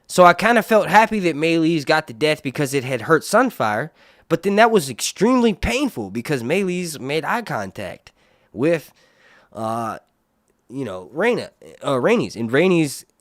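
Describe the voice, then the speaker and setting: A man's voice: sits high, fairly bright tone, no room sound, studio quality. A man from North Carolina, chatting casually on a livestream and laughing often. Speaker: livestream TV show reviewer. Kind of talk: casual live chat.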